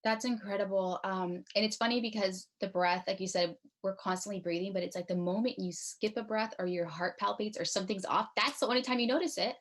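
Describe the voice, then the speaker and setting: A woman hosting a podcast interview, speaking in a relaxed, affirming way. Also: medium pitch, a little fast, few pauses. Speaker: podcast host. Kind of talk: conversational interview.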